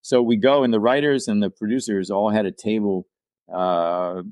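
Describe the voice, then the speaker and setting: Older male guest, low-pitched, dry close sound, rambling anecdotal delivery. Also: fairly even intonation, normal speed, a little mellow, no echo. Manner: rambling storyteller with restarts and asides; acts out quoted people in livelier voices. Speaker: podcast guest, actor and writer. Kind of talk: casual anecdote-telling.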